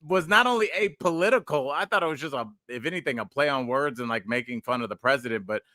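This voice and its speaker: A man's voice: medium pitch, animated, fast, pushed and bright, no room sound, studio quality. A man in his forties, a podcast host and stand-up comedian, chatting casually and telling rambling, digressive stories.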